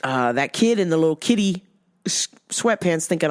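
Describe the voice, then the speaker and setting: A woman's voice: low voice, lively intonation, moderate pace. A woman hosting a casual chat show who swears freely, laughs often and tells stories animatedly. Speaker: host.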